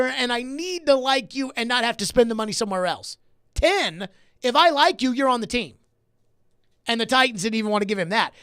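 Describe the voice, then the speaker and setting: A man's voice: very high voice, fairly bright tone, no echo. A man hosting a sports talk radio show, arguing his point emphatically and repeating key phrases for stress, on a studio microphone.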